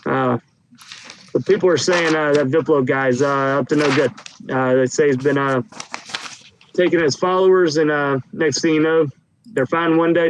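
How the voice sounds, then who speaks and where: A man voicing a loud, blustering, heavyset male official who talks crudely in a tabletop game. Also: a little high, slight background noise, lightly acted, rough recording. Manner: gruff, crude, talks loudly.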